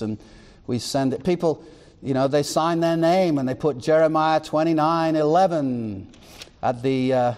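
In a church, a male pastor preaches a sermon, reading scripture aloud and firing rhetorical questions at the congregation. His mid-range voice is a little mellow and carries a big-room sound.

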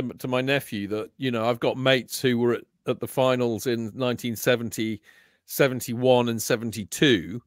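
A man co-hosting a football podcast in casual chat, chatty with quick jokey asides. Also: mid-range voice, no echo, clean studio sound. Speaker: podcast co-host.

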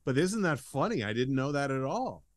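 Brief: male podcast host, animated pitch, enthusiastic with stammering restarts, casual interview. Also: normal speed. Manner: enthusiastic, stammering, quiz-style questions.

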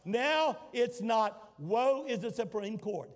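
A man in his sixties preaching a sermon as pastor, building his lines into dramatic shouted repetitions. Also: very high voice, expressive, takes it slowly. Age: 60s. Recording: long hall reverb.

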